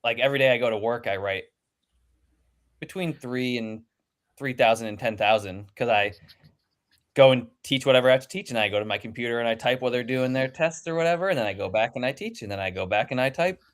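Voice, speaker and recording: A man's voice: mid-range voice, fast talker. A man, an indie author and poet, chatting casually on a livestream panel in a rambling, self-deprecating way over a video-call mic.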